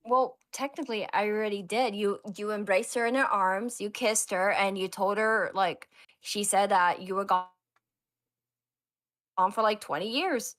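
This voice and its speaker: A woman's voice: medium pitch, steady tone, moderate pace, fairly bright tone, no room sound, studio quality. A woman co-hosting a casual podcast chat, flustered and talking over herself while she fixes the audio on a headset mic. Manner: flustered, keeps saying hold on while fixing audio. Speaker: podcast co-host running a game.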